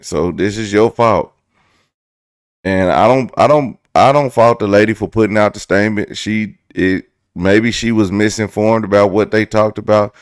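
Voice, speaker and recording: A man hosts a laid-back commentary video, talking straight to his viewers in slang. His voice sits fairly low, and it is recorded dry and close with no room sound. He keeps asking his audience rhetorical questions. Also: clear, resonant tone, dry recording. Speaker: host. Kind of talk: casual commentary.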